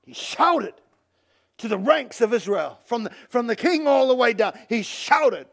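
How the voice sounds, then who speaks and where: A male pastor giving an animated sermon and calling on the congregation to respond. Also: very high-pitched, measured pace, gravelly. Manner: animated preaching, calls on the congregation.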